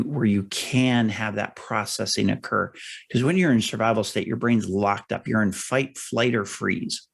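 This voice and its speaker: A middle-aged man hosts an interview podcast with a low, gravelly voice. He lays out his points in a measured, explanatory way, often circling back to restate them. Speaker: podcast host. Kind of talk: interview conversation.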